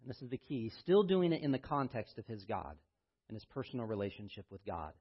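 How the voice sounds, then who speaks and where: Preaching a sermon, a pastor reads scripture with mounting intensity before dropping into a low, quiet voice. His husky delivery is quick, with big swings in pitch, and the recording's highs are cut off.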